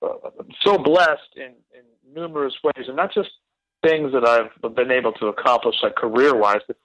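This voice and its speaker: A man answers podcast questions in an earnest, reflective way and stumbles over words as he begins a thought. His voice is bright and forceful. The recording is dry and close. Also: medium pitch, fairly even intonation, moderate pace, no echo, dull audio. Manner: earnest, reflective, repeats words as he starts sentences. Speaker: podcast guest, drummer. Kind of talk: casual interview chat.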